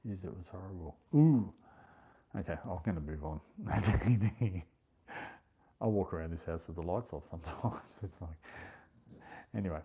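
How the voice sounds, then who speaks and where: A low, mellow-voiced Australian man hosts a relaxed livestream and chats easily with his viewers. He reads their comments aloud, thanks them by name and laughs often. His voice comes through a husky, dull lo-fi stream. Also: moderate pace, pauses often. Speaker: livestream host. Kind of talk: casual chat, reading viewer comments aloud.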